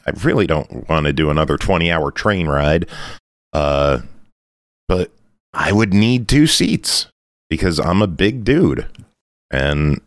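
A laid-back man co-hosts a podcast with a very deep voice. His voice rises and falls a lot as he tells stories, stopping and restarting, and it is recorded close and dry. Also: lively intonation, slow, long pauses, no room sound. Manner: laid-back, hesitant restarts, laughs often. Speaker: podcast co-host. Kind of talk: casual chat.

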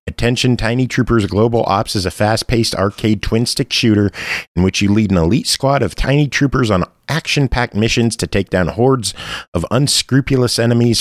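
Low-voiced male podcast host. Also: no echo, clean studio sound. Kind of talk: casual podcast chat and reading game details.

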